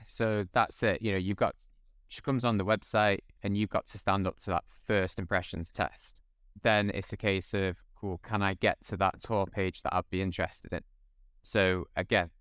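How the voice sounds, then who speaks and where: A man's voice: sits low, fairly even intonation, normal speed, a bit bright, clean tone, dry recording, clean studio sound. A man speaking as a podcast guest, explaining steadily in casual conversation.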